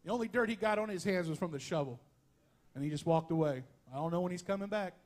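Male pastor, high voice, folksy animated sermon with jokes and asides. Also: quick pace. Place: church sanctuary.

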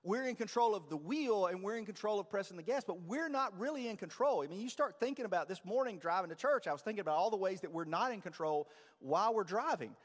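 A man preaching a sermon in a church, speaking in a conversational, self-deprecating and animated way. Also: high voice, fast talker. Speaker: pastor. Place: church sanctuary. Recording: church hall reverb.

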